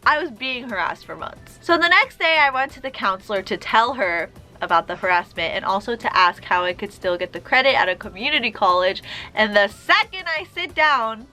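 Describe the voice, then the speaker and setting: Bright, animated young woman telling a story. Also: on the high side, a little fast, soft background music. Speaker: vlogger. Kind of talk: storytime vlog.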